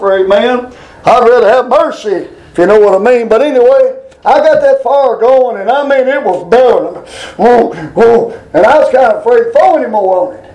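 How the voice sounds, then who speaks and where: A man's voice: high-pitched, mellow, recorded from a distance. A man preaching a folksy, rambling sermon full of homespun stories and asides to his congregation. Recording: roomy hall, voice from off mic.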